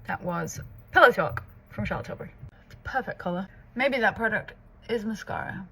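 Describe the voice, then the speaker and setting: A woman's voice: medium pitch, brisk, husky. Chatty northern English woman doing makeup. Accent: mixed British and American, with Scouse traces. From north of England. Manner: chatty, relaxed, often drops to a soft near-whisper. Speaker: makeup artist and content creator. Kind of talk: get-ready-with-me makeup tutorial.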